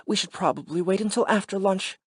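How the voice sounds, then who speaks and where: Man doing a flirty, husky wealthy wife. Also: high-pitched, fairly quick, dry recording, pitched above the performer's own voice. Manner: playful, teasing, lightly sultry.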